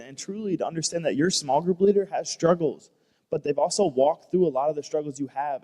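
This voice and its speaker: A man's voice: fairly high pitch, a little mellow, in a large hall. A man on a church staff talking earnestly in a panel discussion, often repeating himself and restarting phrases. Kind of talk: heartfelt panel talk.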